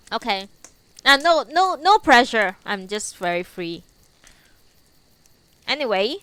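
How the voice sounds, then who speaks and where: Casting: young woman, chatty streamer, giggly, teary, bright lively voice, unhurried. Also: a little high, clean tone, no echo. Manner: giggly, chatty, talks back to chat. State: teary after crying. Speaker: live streamer reading books to chat. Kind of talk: casual chat between readings.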